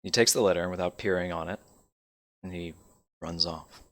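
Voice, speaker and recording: A man's voice: deep voice, steady tone, moderate pace, a bit bright. A man narrating a tabletop game as game master, describing the scene in a loose, casual way.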